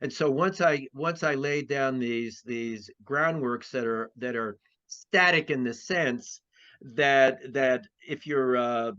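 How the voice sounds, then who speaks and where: The astrologer guest, a man, speaks slowly in a mid-range voice with a sharp edge to it during a conversational interview. Rambling, he keeps restarting and filling pauses, and the recording comes across dull and lo-fi.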